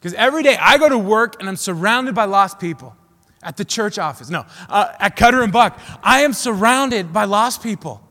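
A young man preaching a casual, passionate sermon, dropping to a hush and rising to shouted prayers. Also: high-pitched, lively intonation, moderate pace. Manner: swings from hushed to shouting prayers; acts out quoted voices, casual slang. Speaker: youth preacher. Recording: long hall reverb.

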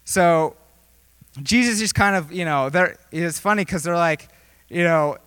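A man's voice: a little high, unhurried, a bit bright, clear, resonant tone, dry recording. A young man preaching a casual, joking sermon, rambling with lots of fillers. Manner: rambling, filler-heavy, jokey. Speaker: youth preacher.

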